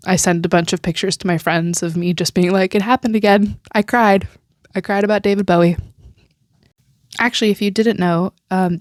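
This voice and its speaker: A woman's voice: on the low side, no echo, studio quality. Young woman rambling on a podcast, teary. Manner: chatty and rambling, laughs often, fillers like um and like. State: teary and emotional. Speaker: podcast host. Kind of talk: casual solo podcast rambling.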